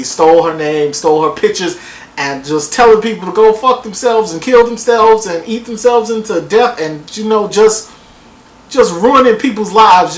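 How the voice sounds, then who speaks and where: A woman recapping a reality TV episode in a casual vlog, profane and animated, acting out quotes in exaggerated voices. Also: fairly low pitch. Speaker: TV show reviewer. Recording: roomy echo.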